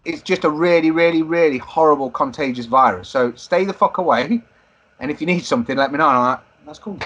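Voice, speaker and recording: A man's voice: a little high, quick pace, a bit bright, muffled recording. A man with young children, co-hosting a podcast in casual, swearing banter. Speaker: podcast co-host. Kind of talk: casual chat.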